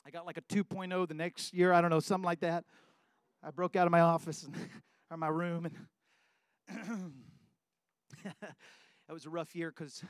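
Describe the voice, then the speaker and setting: A man preaching a personal testimony, telling his story and building to loud, emphatic preaching. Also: fairly high pitch, steady tone, measured pace, long pauses, dry recording, studio quality. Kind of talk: sermon testimony.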